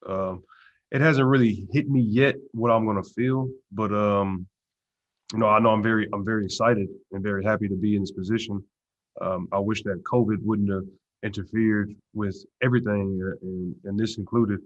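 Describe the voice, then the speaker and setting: Low-voiced man, filler-heavy press answers. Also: steady tone, moderate pace. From Texas. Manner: low-key, lots of "you know" and "uh" fillers. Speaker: pro football player at media day. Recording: dull lo-fi stream audio.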